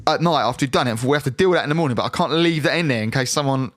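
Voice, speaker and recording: A man's voice: medium pitch, very fast, a bit bright, dry recording, clean studio sound. A young British man telling a rambling, sweary story in casual podcast chat, full of restarts. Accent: British English. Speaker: podcast co-host.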